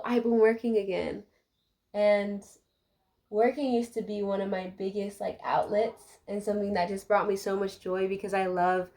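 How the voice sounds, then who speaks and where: A woman's voice: mid-range voice, a little mellow. A young adult woman giving a casual, heartfelt life update to her viewers while doing her hair, talking chattily with many fillers. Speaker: vlogger.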